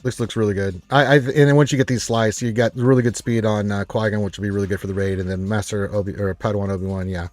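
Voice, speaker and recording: A man's voice: on the low side, fairly even intonation, fast talker, hardly any pauses, dry recording, soft background music. Upbeat rambling male stream host. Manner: rambling, upbeat, many fillers. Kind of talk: casual live-stream chat reading viewer comments.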